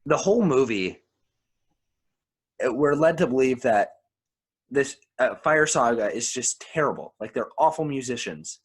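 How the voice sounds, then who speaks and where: Man, podcast co-host, casual movie review chat, opinionated, mid-pitched voice. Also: lively intonation, unhurried, long pauses, breathy edge. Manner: opinionated, repeats words when starting sentences.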